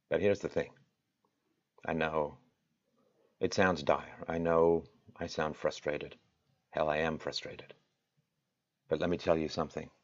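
A man hosting his own show, speaking straight to his audience with impassioned, rhetorical delivery that swings from loud peaks to quiet intensity. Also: a bass voice, level tone, slow, long pauses, dull audio. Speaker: show host. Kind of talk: direct-to-camera address.

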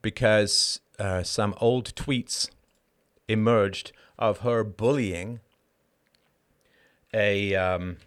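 A man's voice: on the low side, steady tone, extremely slow, long pauses. A man hosting a live call-in show, delivering a heated monologue in an emphatic, blunt and profane way, with sardonic asides and rhetorical questions.

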